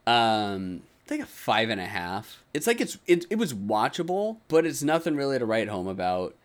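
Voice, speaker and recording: Teasing man with a lively voice. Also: medium pitch, normal speed. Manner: laughs often, teasing. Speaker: podcast host. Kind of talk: casual chat.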